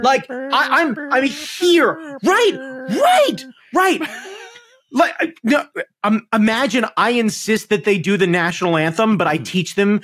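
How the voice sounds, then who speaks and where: Man, podcast host, profane theatrical rant, high voice, very lively pitch. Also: a little slow. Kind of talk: casual chat.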